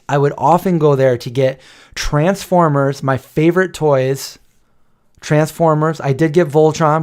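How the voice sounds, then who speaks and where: A man in his forties hosts a late-night livestream, his voice smooth, a little mellow and on the high side. He chats casually with viewers, spinning rambling, playful nostalgic stories and singing old jingles.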